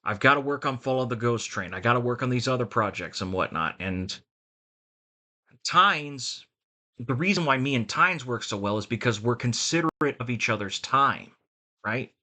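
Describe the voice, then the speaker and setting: A man's voice: medium pitch, lively intonation, moderate pace, sharp tone. A man talking frankly in a rambling vlog about his voice acting work. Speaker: voice actor and vlogger.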